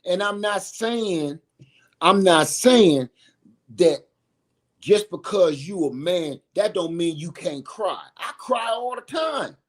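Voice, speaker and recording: A man's voice: high-pitched, lively intonation, slow pace. A middle-aged man talking straight to camera from home in a rambling, emphatic way, repeating his points. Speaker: video host. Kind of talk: casual opinion monologue.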